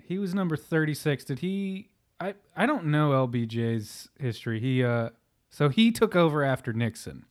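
A man's voice: a little high, animated, moderate pace. A man co-hosting a casual podcast chat, crude and jokey, with many "like" fillers. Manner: crude, joking, lots of "like" fillers. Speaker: podcast co-host.

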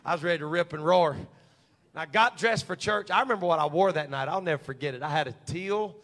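Man in his forties, preacher, high voice, bright and forceful, animated humorous storytelling. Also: fast. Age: 40s. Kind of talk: storytelling sermon.

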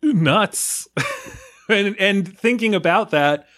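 A man's voice: high-pitched, slow pace, a bit bright. A man from the United States talking casually about a film, rambling with many fillers, restarts and small laughs. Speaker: film podcast guest.

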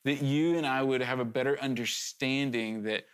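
A man's voice: mid-range voice, fairly even intonation, normal speed, smooth. A man preaching a sermon to his congregation, earnest and urgent, talking conversationally with candid asides and sudden emphatic rises.

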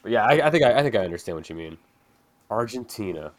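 A man's voice: lowish voice, lively intonation, fast, crowd noise. A man hosting a podcast in casual chat, talking loosely with lots of "like" fillers. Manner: loose, filler-heavy talk with many "like"s. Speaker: podcast host.

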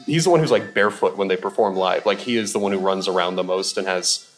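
A man's voice: sits low, fast, soft background music. Rambling young man on a podcast. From Seattle. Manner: rambling, animated, lots of fillers and laughs. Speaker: guest sketch comedian. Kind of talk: casual podcast chat.

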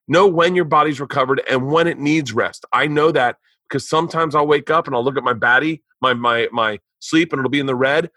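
A man's voice: mid-range voice, sharp tone, no room sound. A man hosting a podcast, reading ads and chatting casually, loose and profane with stumbling restarts. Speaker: podcast host. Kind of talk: casual chat and read ads.

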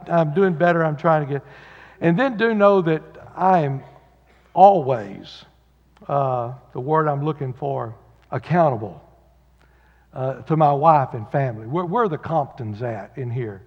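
A man's voice: a little high, lively intonation, a little slow. A man preaching a sermon as pastor, folksy and joking, with lots of fillers. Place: church sanctuary. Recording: dull sound with long hall reverb.

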